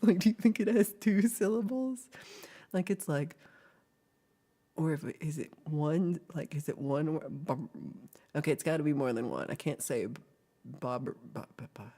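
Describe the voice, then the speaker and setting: A woman's voice: low-pitched, moderate pace, mellow, husky. A woman hosting a casual livestream chat, playful and giggly, now and then dropping into whispers as she talks to her viewers. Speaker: livestream host.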